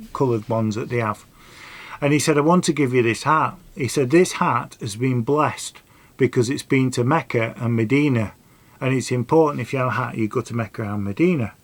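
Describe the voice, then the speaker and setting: A middle-aged man with a medium-pitched voice and no echo is vlogging casually, telling a rambling personal story and offering earnest advice. His speech rambles, sounds earnest, and uses dialect grammar.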